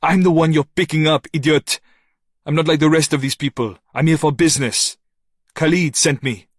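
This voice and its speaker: A man's voice: mid-range voice, slow, no room sound, studio quality. A man voicing a desperate young French man who pleads urgently.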